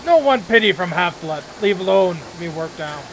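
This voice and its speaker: A man's voice: high voice, lively intonation, normal speed, fairly bright tone, a little hiss or hum, low-quality recording. A man voicing a downtrodden male orc factory laborer who talks in blunt, broken, clipped phrases. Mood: gruff.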